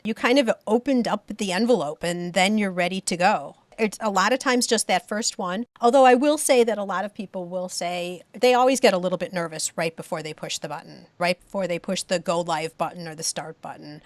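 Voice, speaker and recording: A woman's voice: mid-range voice, expressive, fairly quick, few pauses, no echo. A woman hosting a podcast interview, asking friendly, encouraging questions. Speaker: podcast host.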